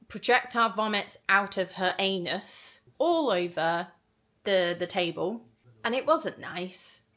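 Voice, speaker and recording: Chatty girl vlogging, bright clear voice, tells it like a story with lots of "like". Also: medium pitch. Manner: chatty, animated, lots of "like" and quoted dialogue. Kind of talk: casual storytelling to camera.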